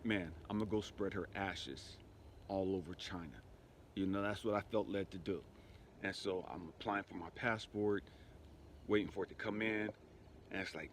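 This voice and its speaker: Low-voiced man telling a grieving testimony. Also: moderate pace, slight background noise. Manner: conversational, repeats "you know what I mean", voice rises with emotion. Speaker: spiritual speaker. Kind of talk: personal testimony storytelling.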